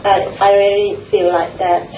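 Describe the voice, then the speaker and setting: A woman's voice: medium pitch, flat delivery, normal speed, mellow, distant mic, a little hiss or hum. Give me a polite woman chairing a meeting. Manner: polite and hesitant, with many ums. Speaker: toastmaster of the day. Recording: echoey room, picked up from afar.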